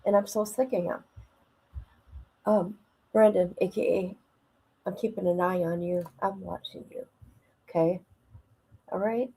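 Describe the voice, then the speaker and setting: Gravelly, emotional woman livestreaming. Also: medium pitch, steady tone, unhurried, pauses often, mellow, poor audio. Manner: rambling, emotional, talks to chat. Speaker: livestream host. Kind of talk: casual livestream chat. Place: at home. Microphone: phone.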